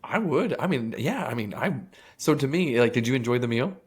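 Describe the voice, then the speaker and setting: Fast-talking, joking, profane man. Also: mid-range voice, expressive, slightly rough. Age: adult, married. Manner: rapid, profane, joking, laughs often. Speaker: podcast co-host. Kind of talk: casual chat.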